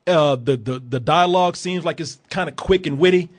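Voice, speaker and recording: A man casually reviewing a film on a podcast, animated and profane, often laughing and acting out lines. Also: a little high, moderate pace. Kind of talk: casual chat.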